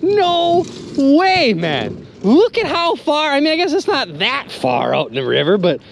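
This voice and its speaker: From a small boat on a river, an excitable magnet fishing vlogger shouts to his viewers, calling them "you guys" and "dude" with loud exclamations and a very high pitch that swings up and down. His talk is loose and casual, a little slow, with vocal fry. A camera mic catches faint water and boat noise behind his excited outdoor commentary.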